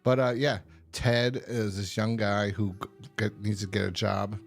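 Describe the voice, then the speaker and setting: Low rambling podcast guy, laughs a lot, faint music under him. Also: flat delivery, measured pace, gravelly. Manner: rambling storyteller who laughs often. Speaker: podcast co-host. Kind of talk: casual review chat.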